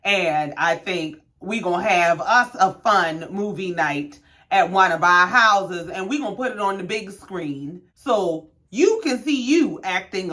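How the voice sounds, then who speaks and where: A woman's voice: lowish voice, fairly bright tone. A woman putting on a reality-TV woman slyly refusing a friend's request.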